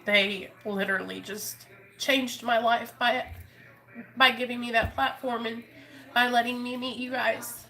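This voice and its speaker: A woman's voice: on the high side, level tone, a little slow, sharp tone. A woman YouTuber talking openly with her viewers in an earnest, emotional, rambling way. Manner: rambling, restarts often. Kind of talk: heartfelt live chat with viewers.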